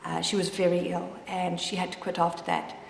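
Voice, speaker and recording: A woman's voice: lowish voice, level tone, a little fast, creaky, a little hiss or hum. Candid mother in a reverberant room. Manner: candid, rambling, with frequent restarts. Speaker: mother sharing her story. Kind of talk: personal confessional vlog. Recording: roomy with long reverb.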